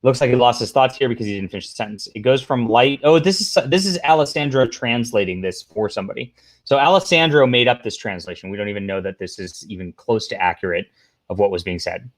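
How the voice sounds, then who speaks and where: A man's voice: medium pitch, fast talker. A man hosting a casual livestream, rambling through commentary, reading posts aloud, talking to the chat and throwing in sarcastic asides. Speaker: livestream host.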